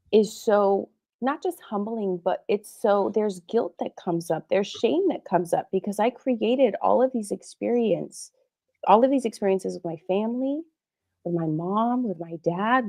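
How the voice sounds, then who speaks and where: A middle-aged woman with a mellow, mid-range voice appears as a guest psychotherapist in an interview. She speaks candidly, earnestly, and with emotion about her own past.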